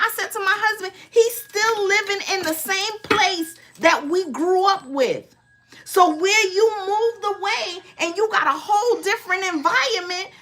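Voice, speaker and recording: A woman's voice: very high voice, sharp tone. A woman in her fifties, a tarot reader hosting casual advice talk, emphatic and always asking if you follow. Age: 50s.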